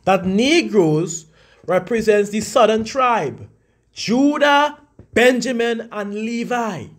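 A man giving a casual scripture lesson, talking conversationally and slowing down to read definitions aloud. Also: high voice, expressive. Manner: frequent fillers and restarts. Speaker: religious teacher.

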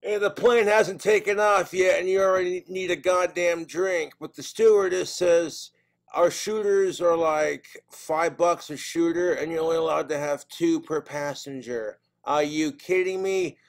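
A man performing a stand-up comedy routine, telling exasperated, profane stories and slipping in quick put-on voices. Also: a little high, steady tone.

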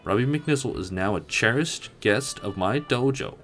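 A man voicing a dignified, noble dojo master who speaks in a grand, formal, measured way. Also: medium pitch, expressive, a bit bright, soft background music. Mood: solemn.

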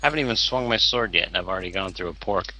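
A man's voice: low-pitched, lively intonation, fast talker, pushed and bright, low-quality recording. A man chatting casually while playing a game, playful and fond of putting on accents. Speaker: game player. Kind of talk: casual gameplay chat.

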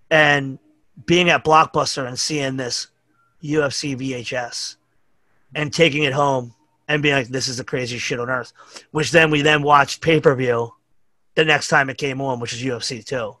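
A man's voice: a little high, moderate pace, fairly bright tone, no echo. A middle-aged man with a New York accent, telling rambling, profane stories as a podcast guest. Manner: profane, rambling anecdotes with acted-out quotes. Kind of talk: casual storytelling chat.

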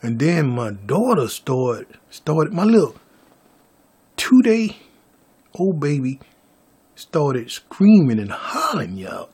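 A man's voice: fairly high pitch, big pitch swings, takes it slowly, a little mellow, slightly rough. A man vlogging a story to his viewers, stammering through restarts and calling them y'all.

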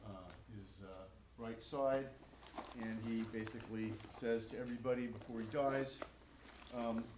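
A male professor gives a casual lecture, full of ums and quick restarts. His voice sits at a middle pitch and sounds roomy and echoey in the classroom. A faint hum runs underneath. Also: fairly even intonation. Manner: casual, many fillers and restarts. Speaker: psychology professor.

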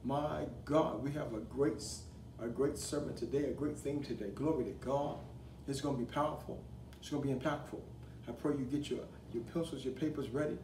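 A man preaching a broadcast sermon as an apostle, leading call-and-response and building to fervent, shouted declarations. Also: medium pitch, fairly quick. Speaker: apostle and pastor. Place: studio desk setting. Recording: roomy echo, distant mic, faint hiss.

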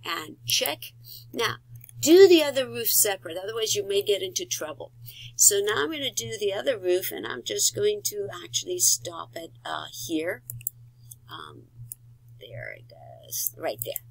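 A woman giving a step-by-step software tutorial, talking through each click with fillers and quick self-corrections. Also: medium pitch, animated, creaky, no echo, low-quality recording. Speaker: instructor.

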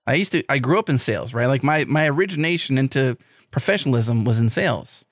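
Lively, playful man co-hosting. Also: medium pitch, quick pace, no room sound, studio quality. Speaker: podcast co-host. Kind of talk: casual chat.

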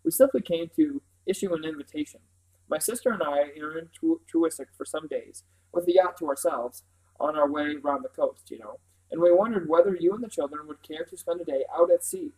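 Brief: man reading smooth, overly courteous yacht owner, old-fashioned phrasing, raised pitch. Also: a little fast, warm tone, natural voice, poor audio.

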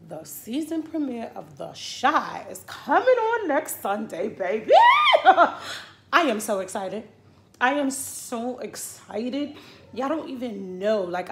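A middle-aged woman chatting casually to camera from her home, sassy and animated, sliding from murmured asides into loud rants. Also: fairly low pitch, vocal fry, slight background noise. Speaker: vlogger. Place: at home indoors. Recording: echoey room with faint ambience.

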